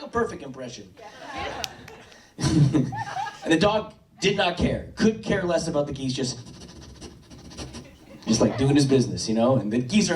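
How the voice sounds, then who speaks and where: A man from the States doing stand-up on a club stage, talking in a meandering, deadpan way that keeps stopping and restarting mid-thought. His voice sits at an ordinary pitch. It carries the echo of the room and sounds picked up from a distance. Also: moderate pace, a faint crowd. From Worcester, USA. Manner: rambling, self-interrupting, dry delivery with stammered restarts. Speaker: stand-up comedian. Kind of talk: stand-up comedy set.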